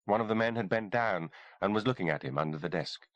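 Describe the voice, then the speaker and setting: Expressive low-voiced male audiobook narrator. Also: quick pace, few pauses, no echo. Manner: dramatic, expressive reading. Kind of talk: scripted horror audiobook narration.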